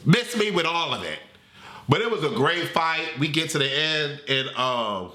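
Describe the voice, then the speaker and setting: A man giving a comedic movie review in a dramatic, sassy, animated way. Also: on the high side, measured pace. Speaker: movie critic. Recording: roomy echo.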